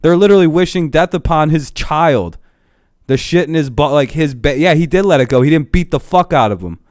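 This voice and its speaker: A man's voice: on the high side, animated, brisk, darkish tone, no echo, studio quality. A young man ranting casually to his live-stream chat, swearing a lot, laughing often and getting heated.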